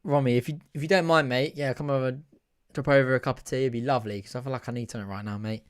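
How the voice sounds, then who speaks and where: A young man hosting a live football watch-along, shouting at the match, swearing and groaning over his team. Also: mid-range voice, fairly even intonation, very fast, clean tone. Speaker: fan watch-along host.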